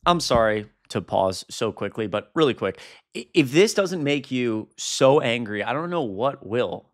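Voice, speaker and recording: A man's voice: mid-range voice, lively intonation. A young man reacting to a protest video as a political commentator, indignant and exasperated. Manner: indignant, exasperated, quick asides.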